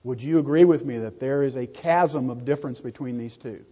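A man preaching a sermon in a husky, mellow voice, hammering home his points by repeating words. The sound is dull and lo-fi, with a long reverb trailing off the walls of a hall. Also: medium pitch, fairly quick, few pauses. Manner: emphatic, repeats key words for stress.

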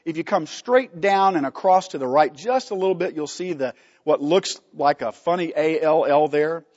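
A man's voice: fairly high pitch, moderate pace, darkish tone, long reverb tail, dull audio. A man teaching a Bible study from slides, emphatic, putting questions to the class and answering them himself.

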